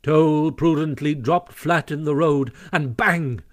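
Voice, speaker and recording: Expressive male storybook narrator. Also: on the high side, slow, background noise. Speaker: audiobook narrator.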